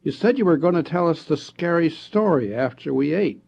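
A cocky, taunting young boy, played by a man in a higher, pushed-up voice. He speaks with a challenging, teasing edge. The voice sounds husky through dull, lo-fi audio. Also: expressive, normal speed, a little mellow, heavily acted.

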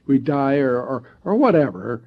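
A man voicing an excitable, nervous young boy at a campfire who stammers and talks eagerly. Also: mid-range voice, normal speed, husky, dull audio, voice pushed up. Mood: excited.

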